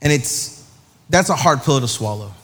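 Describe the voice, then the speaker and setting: A man's voice: mid-range voice, lively intonation, normal speed, a bit bright, big-room sound. A young man, a youth pastor, preaching a sermon in a casual, slangy storytelling way and acting out the voices in his anecdotes. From South Dakota.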